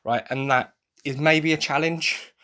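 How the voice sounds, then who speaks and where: A man's voice: fairly high pitch, steady tone, measured pace, sharp tone, clean tone. A tired man with an English accent, gushing in a rambling, enthusiastic way as he hosts a casual solo podcast review. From England. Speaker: podcast host.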